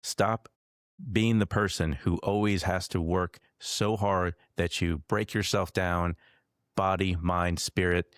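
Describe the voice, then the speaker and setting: Slow, very deep-voiced male host. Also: clear, resonant tone, dry recording, studio quality. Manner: calm, encouraging, reflective. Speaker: podcast host. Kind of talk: conversational podcast talk.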